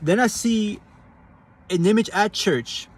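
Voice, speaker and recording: A man with a slightly raised voice tells a personal religious testimony in a relaxed, conversational way. His delivery is earnest and unpolished, full of casual slang and sentences that restart as he goes. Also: high-pitched, slow. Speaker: Catholic giving a personal testimony.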